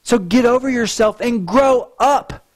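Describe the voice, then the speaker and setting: A man's voice: very high voice, unhurried. A male pastor preaching a sermon in an earnest way, often repeating words as he restarts a thought.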